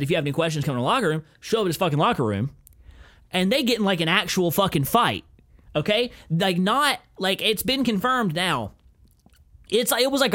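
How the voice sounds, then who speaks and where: Rambling, swearing young man, slightly high. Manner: profane, rambling, excitable storytelling. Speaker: podcast host. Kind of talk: casual chat.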